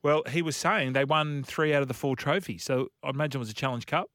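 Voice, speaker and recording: A man's voice: on the high side, quick pace, a bit bright, no echo, clean studio sound. A man co-hosting a sports radio show, telling stories in a jokey, laughing way. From Australia. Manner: storytelling, jokey, laughs easily. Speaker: radio co-host. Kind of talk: casual radio chat.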